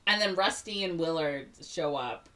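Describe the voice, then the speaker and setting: A woman's voice: sits low, expressive, moderate pace, fairly bright tone, distant mic. A woman co-hosting a podcast, retelling a movie in a casual chat, heavy on filler words and acting out the characters' lines. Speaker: podcast co-host.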